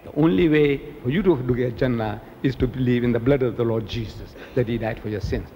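Older male preacher, lively storyteller, old tape with faint hiss. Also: medium pitch, a little fast, in a large hall. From South Africa. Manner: animated storytelling, mimicking others. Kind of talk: public lecture.

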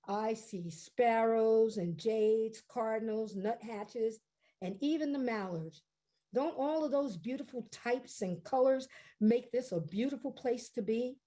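A woman voicing a gentle male principal. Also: fairly high pitch, lightly acted. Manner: gentle, slow and reassuring. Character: calm, kind male school principal.

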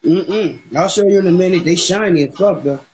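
A man's voice: high voice, normal speed, darkish tone, slight background noise, rough recording. A man taunting and boasting in a live-stream roast battle. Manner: taunting, boastful, laughing jabs.

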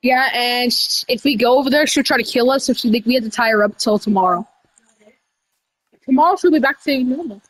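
A woman improvising a casual role-play over voice chat, her voice sitting fairly high. She rambles, restarts her sentences and suddenly jumps into excited high shouts. A faint noise hums underneath. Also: brisk, rough recording. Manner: rambling, with many restarts and y'all. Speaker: roleplayer running a candy store character.

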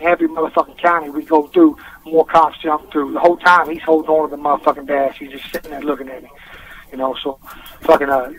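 A man tells a rambling story in street slang, swearing all the way through, and his voice sits a little high for a man. He sounds distant over a noisy phone line, as if calling in from a jail phone. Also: a bit bright. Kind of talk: casual spoken storytelling. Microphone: phone call.

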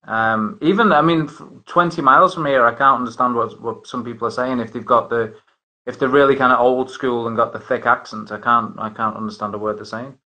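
A man's voice: medium pitch, steady tone, brisk, bright, forceful tone, poor audio. A man hosting a casual chat, rambling with many restarts and fillers. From northern England. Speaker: host.

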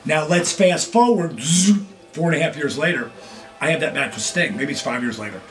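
A middle-aged man hosting his own video blog, telling casual stories with lively acted-out quotes. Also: on the high side, normal speed, over music. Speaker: vlog host, former wrestler. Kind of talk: casual storytelling.

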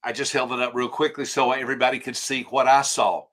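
Speaking quickly in a mid-range voice that is bright and forceful, an older author and trainer guests on a podcast to tell a story. He acts out every quote with animation, tripping over his own restarts along the way.

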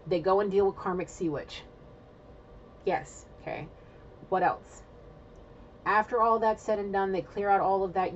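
A woman's voice: on the low side, highs cut off, a little hiss or hum. A woman giving an intuitive spiritual reading in a casual, rambling way, talking straight to her viewers and swearing now and then. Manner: excitable, rambling, swears, talks to viewers directly. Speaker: intuitive reader.

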